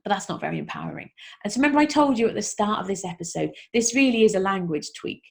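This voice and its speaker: Chatty woman host with a gravelly edge. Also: medium pitch, lively intonation, quick pace. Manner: chatty, upbeat, encouraging, with frequent asides. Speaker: self-help podcast host. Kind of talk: casual motivational talk to listeners.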